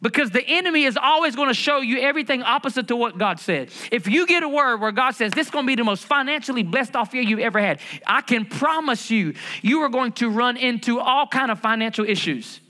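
A male pastor preaching to his church in a high, bright voice. He talks in a lively, conversational way, full of rhetorical questions and humor. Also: a little fast, hardly any pauses. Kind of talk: sermon. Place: church building.

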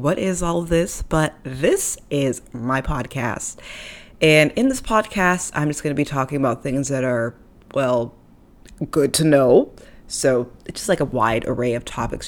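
A young woman hosting her own podcast, talking casually into a microphone with playful, self-deprecating asides. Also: low voice. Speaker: podcast host. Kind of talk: casual solo podcast talk. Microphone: studio microphone.

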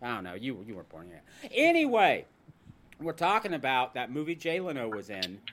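Animated ranting podcast host, a man. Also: medium pitch, a little fast. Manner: animated, ranting, jokey storyteller. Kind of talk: casual chat.

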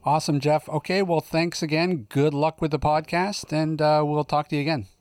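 A man's voice: a little high, fairly even intonation, moderate pace, darkish tone, no room sound, clean studio sound. A man hosting a podcast in casual chat, joking and laughing often. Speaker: podcast host.

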